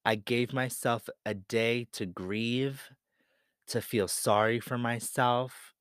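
Slow, earnest man telling his story. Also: lowish voice, no room sound, studio quality. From Pennsylvania. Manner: earnest, confessional, candid. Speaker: podcast host. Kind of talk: personal storytelling monologue.

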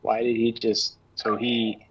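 A man's voice: fairly low pitch, flat delivery, slow, far from the mic, slight background noise. A man in casual podcast chat, musing and asking questions. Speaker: podcast talker. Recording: dull, off-mic podcast audio.

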